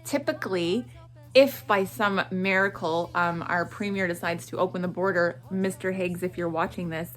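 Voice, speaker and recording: A middle-aged woman from Atlantic Canada chatting through a morning vlog in an animated way. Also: fairly low pitch, normal speed. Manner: animated and chatty, with frequent laughs and self-talk asides. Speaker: vlogger.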